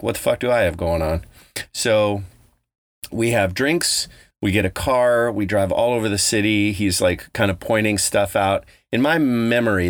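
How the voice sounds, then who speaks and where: A man's voice: deep voice, dry recording. A man hosting a podcast, telling a travel story in a loose, rambling way with plenty of swearing. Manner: loose, profane, rambling with restarts. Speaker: podcast host. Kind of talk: casual storytelling.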